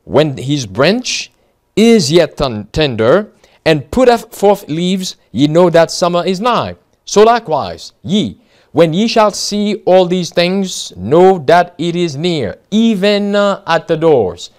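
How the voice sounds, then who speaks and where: High-pitched American male preacher, halting read-aloud sermon delivery with stressed keywords. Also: very animated, a little mellow. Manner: reads passages aloud with frequent fillers and restarts, stressing key words. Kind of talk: sermon-style Bible study.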